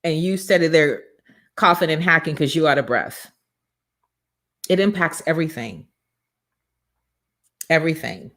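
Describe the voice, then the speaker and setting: A woman hosting a motivational morning show, talking in an energetic, preachy and emphatic way from a studio. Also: sits low, unhurried, long pauses. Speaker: show host and business coach.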